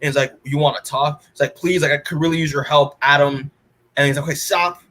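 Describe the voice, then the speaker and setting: Male podcast co-host, slightly higher voice, casual rambling recap full of "like", acts out dialogue. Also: fairly even intonation, fast talker, a bit bright. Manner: rambling, acts out characters' lines, many "like"s. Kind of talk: casual comic book recap.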